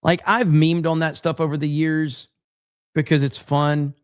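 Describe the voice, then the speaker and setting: A man's voice: a little high, little pitch movement, a little slow, clean tone, dry recording. Man, show host, blunt emphatic commentary, dry close sound. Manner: blunt, repetitive emphatic talk. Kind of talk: casual commentary.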